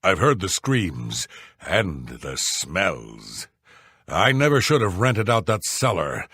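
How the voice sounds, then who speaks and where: Casting: blunt, scornful fantasy game tough guys, drawling slow delivery, very dry sound. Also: male voice, low-pitched, big pitch swings, a bit bright, husky, no room sound, heavily acted. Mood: uneasy. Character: rough male Nord warriors, guards, sailors, townsfolk. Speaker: video game voice actor. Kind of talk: video game character dialogue.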